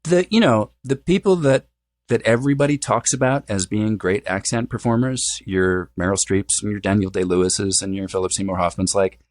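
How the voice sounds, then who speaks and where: A man, a dialect coach, answering interview questions in a relaxed, explanatory way with many fillers. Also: on the low side, brisk, no room sound, clean studio sound. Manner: thoughtful, explanatory, with frequent fillers.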